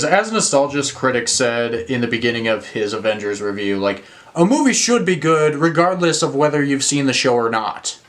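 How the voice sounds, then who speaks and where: A man's voice: mid-range voice, fairly bright tone. A young man reviewing films in a casual rant, exasperated, swearing and using lots of fillers. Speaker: movie reviewer.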